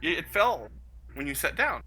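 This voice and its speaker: A man's voice: on the high side, very animated, normal speed, sharp tone, husky, full character voice. A man voicing a jittery young male pickpocket in a tabletop role-play, stammering and overly polite.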